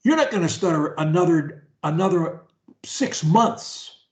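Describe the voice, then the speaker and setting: A man coaching a stutterer over a video call, preachy and animated, swinging from loud to whispered. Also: a little high, unhurried, reverberant. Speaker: speech coach.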